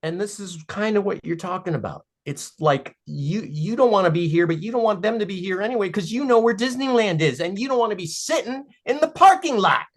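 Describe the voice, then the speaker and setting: Man, podcast guest, casual chat, playful storytelling, animated. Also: fairly quick, hardly any pauses. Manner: animated storyteller, playful, rising into high excited bursts. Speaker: guest cartoon creator.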